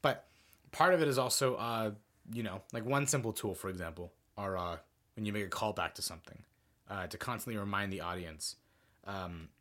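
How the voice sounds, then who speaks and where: A young man on a podcast, talking in a loose, rambling way with plenty of fillers and restarts. His voice sits fairly low, and he breaks into laughter as he builds up to a punchline. The chat is relaxed and unscripted. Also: fairly quick. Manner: rambling, laughs often, animated when telling jokes. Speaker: podcast host.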